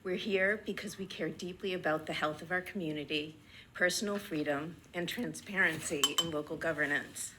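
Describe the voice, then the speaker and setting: A woman reading a prepared public comment at a town board meeting, earnest and measured, a little out of breath. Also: fairly low pitch, noisy background. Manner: earnest, measured, deliberate pauses between list items. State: slightly out of breath. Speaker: resident speaking at public comment.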